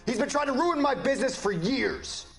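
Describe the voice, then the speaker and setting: An actor playing a bitter, defensive shopkeeper accused of murder. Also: male voice, extremely high pitch, lively intonation, moderate pace, a bit bright, exaggerated voice. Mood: indignant. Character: cornered, indignant middle-aged male shopkeeper. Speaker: murder suspect under interrogation.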